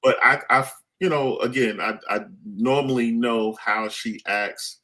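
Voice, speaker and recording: A man in a casual chat, talking in an animated, halting way with many restarts. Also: medium pitch.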